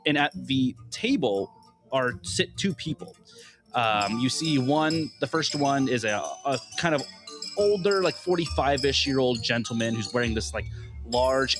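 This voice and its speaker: Casual man game master. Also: mid-range voice. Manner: casual, filler-heavy, rambling. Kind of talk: narrating a tabletop game.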